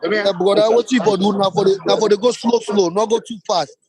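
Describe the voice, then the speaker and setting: A man's voice: high-pitched, fairly even intonation, fairly quick, darkish tone, husky, dry recording. A man giving casual, repetitive camera directions in broken phrasing. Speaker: person directing the camera operator. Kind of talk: casual instructions.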